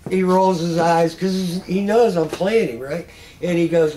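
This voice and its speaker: A man's voice: sits high, fairly even intonation, a little slow, mellow, rough recording. A middle-aged man talking to a group in a casual, folksy way, telling anecdotes and often chuckling. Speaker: patient speaker. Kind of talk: casual storytelling talk.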